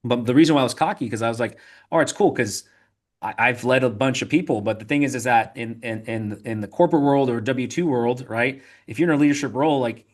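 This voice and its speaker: A man, a podcast guest, telling animated stories in a casual interview, full of restarts and repeated "right?" tags. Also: mid-range voice. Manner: rapid, animated storytelling with frequent "right?" and filler restarts.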